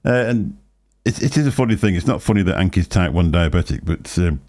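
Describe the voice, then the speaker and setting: This is an older man with a fairly low voice. He hosts a relaxed livestream chat and rambles through anecdotes. He laughs often between lines. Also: a little fast. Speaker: show host.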